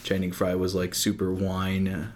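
A man's voice: low voice, monotone, unhurried. A man co-hosting a casual podcast over drinks, rambling easily with lots of fillers. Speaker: podcast co-host. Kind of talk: casual chat.

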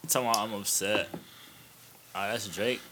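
A laid-back man in casual podcast chat, slangy and quick to laugh. His voice sits on the low side but sounds bright and forceful. A faint hiss runs behind him. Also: steady tone.

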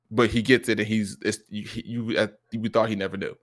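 Speaking a little fast in a fairly low pitch, a man co-hosts a casual podcast conversation. His storytelling is earnest, reflective and animated, and he acts out quoted lines, among them his son's.

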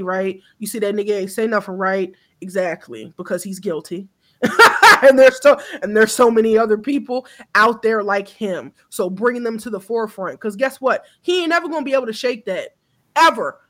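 A woman around thirty co-hosting a podcast, talking in a blunt, profane and impassioned way, often restarting her sentences. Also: mid-range voice. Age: about 30. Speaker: podcast co-host. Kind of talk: casual chat.

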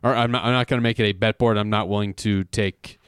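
Male co-host, laid-back and cautious, smooth resonant voice, dry studio sound. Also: lowish voice, steady tone, fast, a bit bright, no echo. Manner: hesitant, laughs easily, hedging. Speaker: podcast co-host. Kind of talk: casual sports betting talk.

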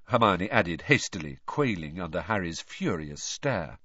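A man narrating a storybook in a measured, expressive way. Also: low voice, breathy edge, no room sound, lo-fi sound. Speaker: audiobook narrator.

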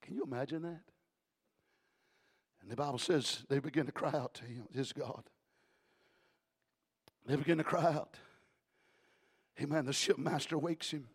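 A male pastor preaching a sermon in a rhythmic cadence, adding "uh" after each phrase and swinging between shouting and hushed tones. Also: on the high side, normal speed, pauses often, husky.

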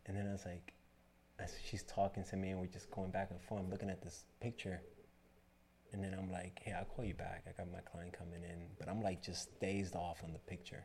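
A man with a deep, gravelly voice tells a personal story in a loose, rambling way. He quotes the other people in the story as he goes. A faint hum of background noise sits behind him. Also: a little fast. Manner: rambling, animated retelling with quoted dialogue. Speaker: barbershop owner, guest. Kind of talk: casual storytelling interview.

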